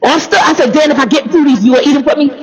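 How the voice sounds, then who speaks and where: A woman's voice: sits high, rapid-fire, low-quality recording. Chatty, laughing woman artist. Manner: chatty, laughs often, repeats phrases; encouraging and reflective. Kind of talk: casual personal talk to camera.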